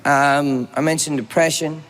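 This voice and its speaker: A man's voice: a little high, steady tone, measured pace, fairly bright tone. A man in his forties doing live stand-up, telling a long story with profanity and acted-out quotes. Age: 40s. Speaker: stand-up comedian. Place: comedy stage before an audience. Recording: echoey hall with room noise.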